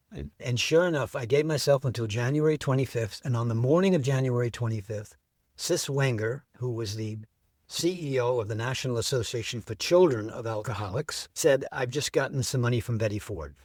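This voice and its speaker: A middle-aged man telling the story of how he built an event, as an interview guest, with lively enthusiasm. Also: medium pitch, brisk, no room sound, studio quality.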